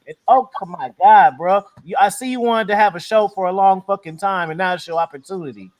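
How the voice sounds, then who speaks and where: A man with a high voice hosts a loose, profane chat. He talks in an animated way, swearing freely and mocking people with quick impressions. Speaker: host. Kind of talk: casual podcast chat.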